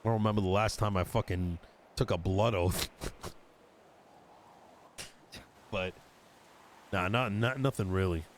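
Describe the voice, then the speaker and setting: A deep-voiced man moves at a measured pace with long pauses, a little hiss or hum behind him. He's roleplaying a politician online, exasperated and swearing as he relates an argument with quoted dialogue.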